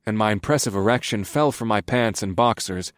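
Low-voiced male story narrator. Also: brisk, no echo, clean studio sound. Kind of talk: scripted erotic story narration.

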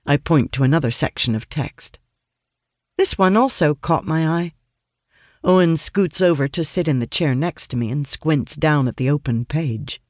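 An audiobook narrator reading a first-person fantasy story in an earnest, studious manner, turning lively in dialogue. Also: mid-range voice, measured pace, no room sound, clean studio sound.

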